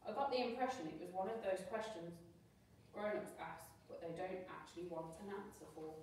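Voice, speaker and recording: A woman's voice: lowish voice, moderate pace, a little hiss or hum. A woman teacher reading a children's storybook aloud expressively, with the odd slip she corrects as she goes. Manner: expressive reading with small slips and self-corrections. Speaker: primary school teacher. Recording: very echoey room, voice from far off.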